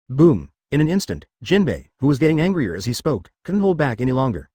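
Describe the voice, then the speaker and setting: A male narrator reads a serialized web novel aloud. His pitch moves about with plenty of life, and the sound is dry and close, with no room around it. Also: sing-song, brisk, hardly any pauses, warm tone, slightly rough, no room sound.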